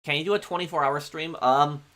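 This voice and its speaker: A man's voice: fairly high pitch, fairly even intonation, fairly bright tone. Rambling male game streamer. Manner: rambling, halting, many ums and restarts. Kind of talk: casual chat answering viewers.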